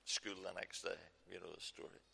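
Gravelly preacher in a reverberant hall. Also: male voice, low-pitched, monotone, normal speed, sharp tone. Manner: emphatic, repetitive storytelling delivery. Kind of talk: sermon with personal stories. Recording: long reverb of a large hall.

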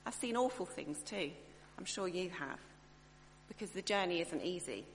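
Woman giving a sermon, chatty n expressive, keeps interrupting herself, echoey hall, faint hum. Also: lowish voice, normal speed. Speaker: preacher.

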